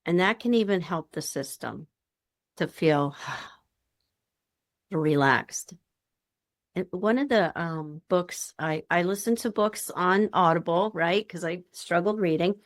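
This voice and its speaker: A woman's voice: fairly low pitch, takes it slowly, pauses often. A woman presenting a workshop in a chatty, informal teaching style. She acts out the voices of the people she quotes.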